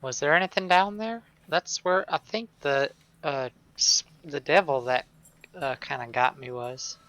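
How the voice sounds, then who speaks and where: A man's voice: a little high, measured pace, fairly bright tone. A man playing a tabletop game, speaking in a matter-of-fact way. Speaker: player. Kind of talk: casual tabletop game play.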